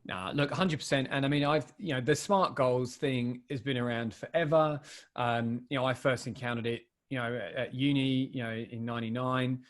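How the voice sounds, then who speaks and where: Man in his late thirties, British accent with an Australian tinge, co-host, casual business chat, chatty with many fillers, medium pitch. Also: fairly even intonation, moderate pace. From England.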